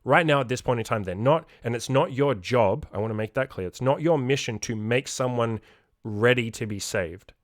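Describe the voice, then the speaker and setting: A man's voice: medium pitch, moderate pace, no room sound, studio quality. A young man coaching in a podcast monologue, blunt and emphatic, swearing freely. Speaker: self-improvement coach.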